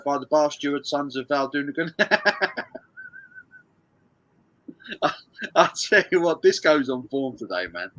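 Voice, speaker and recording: Running a music quiz on a charity live stream, this man reads viewers' answers aloud and jokes around, laughing and cursing a lot. His voice sits on the higher side and has a fairly bright tone.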